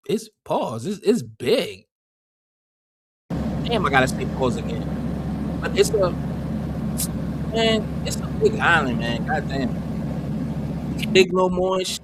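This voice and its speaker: A man's voice: a little high, very animated, takes it slowly, long pauses, fairly bright tone, slight background noise. A man hosting a livestream, rambling and joking in crude, profane casual banter. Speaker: livestream host.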